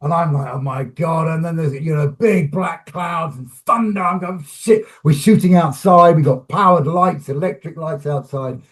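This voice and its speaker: A man, a film director and actor, telling animated stories about a shoot in an interview, restarting phrases as he acts out scenes. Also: fairly high pitch, moderate pace, hardly any pauses. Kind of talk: animated anecdotal storytelling.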